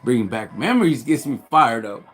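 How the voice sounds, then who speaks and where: With soft music playing behind him, a man on a live stream briskly tells a tale from his past in a mid-range voice full of big pitch swings. He's the host, leaning hard on street slang and growing fired up and loud in the retelling.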